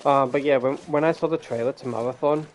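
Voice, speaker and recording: A man's voice: mid-range voice, steady tone, brisk, noisy background. A man hosting casual gameplay commentary, rambling and ranting and swearing freely. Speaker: gaming channel host.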